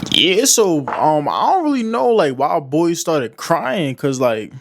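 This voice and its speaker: A man's voice: fairly high pitch, sing-song, slow, gravelly, a little hiss or hum. A man hosting a casual commentary vlog, talking loosely with lots of fillers. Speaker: commentary channel host.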